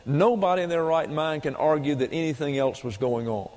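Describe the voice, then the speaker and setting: A man with a fairly high, slightly quick, somewhat mellow voice preaches a doctrinal sermon, working through Greek grammar point by point and repeating key phrases for emphasis. The recording carries a long hall reverb.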